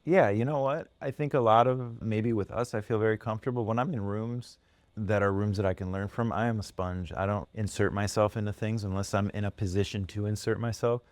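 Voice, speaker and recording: Podcast co-host, animated storyteller, low voice, dry close mic. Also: male voice, fairly quick, dry recording. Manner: animated storyteller, laughs often. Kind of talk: casual storytelling chat.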